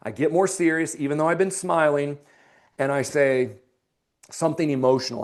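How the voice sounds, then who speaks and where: A man coaching sales technique who role-plays his closing pitch to a homeowner, dropping into a slow, low, serious tone for the close and turning energetic and emphatic when he explains it.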